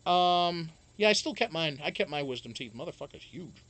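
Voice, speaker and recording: A man's voice: a little high, expressive, moderate pace, a bit bright. Rambling, profane live-stream host, man. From Wisconsin. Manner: rambling, profane storytelling with chat asides. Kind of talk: casual live-stream chat.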